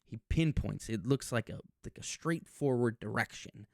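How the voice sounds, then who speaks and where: A man hosting a casual wrestling recap and opinion monologue, talking emphatically and repeating words when he gets excited. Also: medium pitch, normal speed, creaky, no room sound, clean studio sound. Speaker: wrestling commentary channel host.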